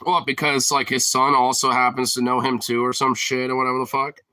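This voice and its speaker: Bright, rambling, profane casual man. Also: medium pitch, flat delivery, fairly quick, no echo. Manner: rambling, profane, heavy on fillers; laughs often while talking. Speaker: streamer host. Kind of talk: casual chat.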